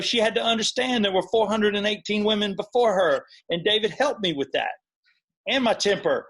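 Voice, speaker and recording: High-pitched male host, eager, swearing, joking with his guest. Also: a bit bright. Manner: enthusiastic, swearing, joking banter. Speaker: podcast host. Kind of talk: casual podcast hosting.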